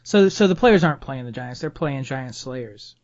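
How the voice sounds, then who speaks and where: A man's voice: mid-range voice, animated, moderate pace, a little mellow, muffled recording. A man hosting a casual podcast, prompting his guest with questions and chuckling along. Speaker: podcast host.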